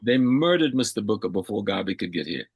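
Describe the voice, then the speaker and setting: An older man from South Carolina speaks in a low, husky voice. He lectures like an elder in an interview, repeating key phrases to drive them home. The sound is dry and close, with no room around it. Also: very animated, brisk, no echo. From South Carolina, USA. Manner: emphatic, repeats phrases for weight. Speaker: elder guest.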